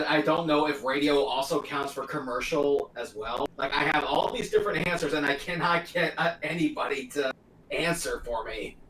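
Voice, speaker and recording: A man co-hosting a casual live-streamed talk, halting and searching for words. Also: medium pitch, a bit bright, echoey room, distant mic, a little hiss or hum, low-quality recording. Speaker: talk show co-host.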